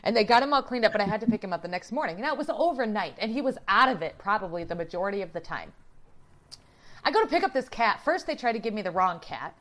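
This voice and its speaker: A woman telling a story in casual chat, animated, laughing often and swearing freely. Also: medium pitch, quick pace.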